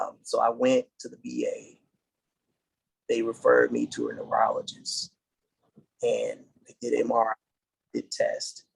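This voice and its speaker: A middle-aged man from the United States, a podcast guest, telling his story in an earnest, halting way and restarting dates as he goes. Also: mid-range voice, creaky, slightly rough, poor audio. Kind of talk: casual interview storytelling.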